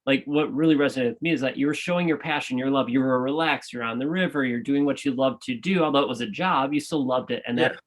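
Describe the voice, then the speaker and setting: A man's voice: medium pitch, quick pace, few pauses. Enthusiastic male podcast host. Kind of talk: reflective interview commentary.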